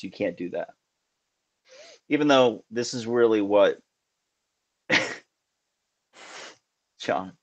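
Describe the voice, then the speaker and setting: A man's voice: medium pitch, darkish tone, lo-fi sound. A man hosting a casual live call-in show, talking in an earnest, musing way with many restarts.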